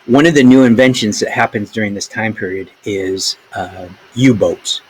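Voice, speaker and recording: Casual lower-pitched male teacher. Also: normal speed, breathy edge, low-quality recording. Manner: conversational, talks straight to students with asides and filler uhs. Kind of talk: recorded classroom history lesson.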